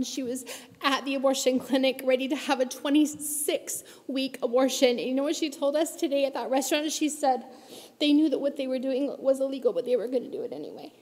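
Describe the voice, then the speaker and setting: A woman's voice: sits high, darkish tone. A woman giving an impassioned, emotional talk to a church congregation, pressing her points with urgent emphasis. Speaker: church speaker. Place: large church auditorium. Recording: long hall reverb from a church auditorium.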